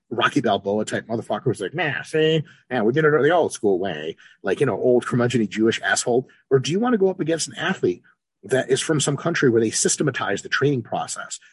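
A man guest on a podcast, an exercise scientist talking casually and profanely, animated, swearing freely and acting out characters. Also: medium pitch, breathy edge, no room sound.

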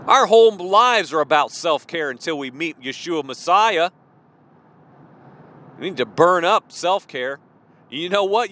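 A man preaching a sermon, swinging between soft pleading and loud, impassioned declaration. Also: a little high, expressive, a little slow, long pauses.

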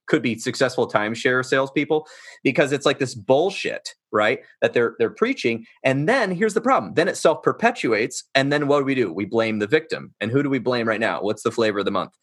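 A man's voice: mid-range voice, expressive, a little fast, a bit bright. Passionate rambling male host. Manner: passionate, rambling, with repeated restarts. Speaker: podcast host. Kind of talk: casual interview chat.

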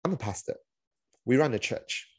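A pastor preaches in a chatty sermon full of fillers, restarts and little acted-out quotes. His mid-pitched voice is slightly rough, animated and at normal speed. The recording is dry and close, with no room sound.

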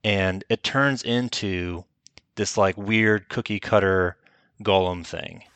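A man's voice: low voice, takes it slowly, fairly bright tone, smooth, dry recording. A man co-hosting a casual chat, recapping a film in rambling stretches full of fillers. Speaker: podcast co-host.

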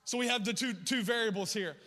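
A middle-aged pastor preaches fast in a high voice worn hoarse from yelling. His delivery is rhythmic, with call-outs to the congregation, and the sound carries a big-room quality.

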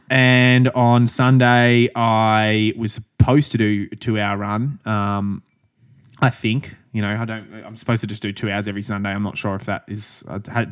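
An Australian man co-hosting a running podcast, telling stories in casual chat, swearing freely and laughing as he goes. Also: fairly low pitch. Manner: chatty storytelling, swears freely, laughs as he talks. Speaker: podcast co-host, runner.

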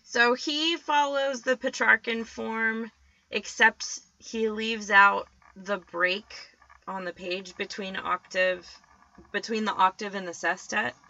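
A woman's voice: medium pitch, sharp tone, no echo, rough recording. A woman co-hosting a podcast, explaining in casual chat with fillers and frequent laughs. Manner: chatty, laughs often, loose fillers. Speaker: podcast co-host.

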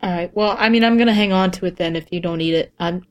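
A woman's voice: on the low side, fast, highs cut off, close to an everyday voice. A woman voicing a broke, wisecracking freelancer who hesitates and fills the talk with ums and jokes. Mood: casual. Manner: hesitant, full of fillers, joking.

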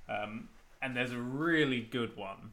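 Young man, podcast co-host, dry teasing humor, casual chat, middle pitch. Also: unhurried, fairly bright tone. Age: young adult.

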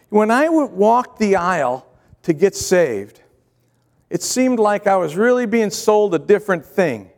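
A high-pitched man preaching a midweek sermon, pressing his point with repeated phrases and questions to the congregation. His voice rings with a long hall reverb, as if in a large church sanctuary. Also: sing-song, measured pace, a little mellow. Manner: earnest, repetitive, rhetorical questions to the congregation. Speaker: pastor.

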